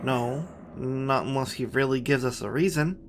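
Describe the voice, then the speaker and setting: A man playing a tabletop game, talking with a wry, deadpan manner. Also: mid-range voice, normal speed, noisy background. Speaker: player. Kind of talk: in-character table talk.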